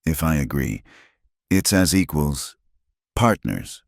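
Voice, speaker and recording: A man voicing an earnest young woman, a jilted schoolteacher, lifting his deep voice slightly. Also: sing-song, slow pace, creaky, no room sound, studio quality, heavily acted.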